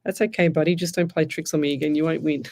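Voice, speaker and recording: A woman's voice: deep voice, steady tone, fast, a little mellow. An Australian woman hosting a live radio show as a psychic medium, chatting in a rambling way and laughing often as she tells stories. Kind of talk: live radio reading, casual chat.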